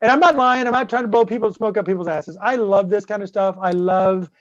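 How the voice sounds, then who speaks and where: A man guest-hosting a casual chat, telling a long story in a profane, animated way. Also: sits high, brisk, dry recording, highs cut off. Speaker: guest host.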